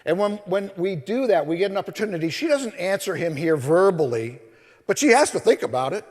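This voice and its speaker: A male minister giving a sermon, telling scripture stories in an animated way and acting out the voices. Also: high voice, fairly quick. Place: church sanctuary. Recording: long reverb of a large hall.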